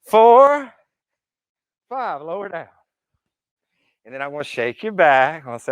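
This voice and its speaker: Lively-voiced man leading a yoga class. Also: a little high, measured pace, clean tone, no room sound. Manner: encouraging, counts through poses, playful asides. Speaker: yoga instructor. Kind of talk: live guided yoga class instruction. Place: indoor yoga class room.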